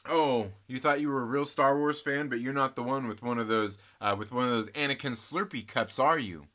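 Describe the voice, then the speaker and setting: A man's voice: mid-range voice, fairly quick, bright, forceful tone. A man hosting a comic book channel, chatting casually and rambling, joking and teasing and addressing viewers as guys. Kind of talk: casual rambling vlog chat.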